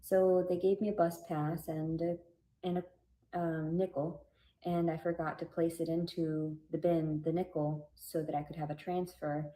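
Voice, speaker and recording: A vlogger with a low, mellow voice tells a personal story in a casual video, speaking at normal speed in a fairly flat, level tone. She's earnest and religious, rambling off on tangents with plenty of fillers and false starts. The recording is rough.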